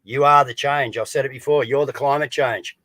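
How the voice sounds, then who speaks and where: A man's voice: medium pitch, steady tone, a little fast, sharp tone, no room sound. A man co-hosting a casual online news show, urging his audience with repetitive rallying calls. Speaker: co-host of a live news talk show.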